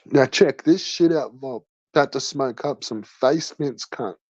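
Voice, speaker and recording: A man's voice: medium pitch, measured pace, a little mellow, no echo, highs cut off. A man hosting a livestream, chatting casually and crudely, swearing constantly in slangy banter. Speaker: livestream host.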